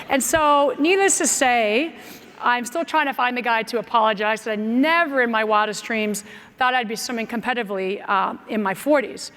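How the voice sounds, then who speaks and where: Speaking a little high and at a brisk clip, this American woman gives a motivational keynote full of stories, voicing both herself and the other characters with lively flair. The recording carries a slight hiss or hum and the long reverb of a big conference hall.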